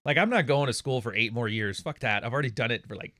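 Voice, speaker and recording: A man's voice: medium pitch, lively intonation, quick pace, bright, forceful tone, dry recording, studio quality. Blunt, profane man hosting a show. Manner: blunt, profane, laughs often. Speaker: podcast host. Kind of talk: casual monologue to viewers. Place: home studio.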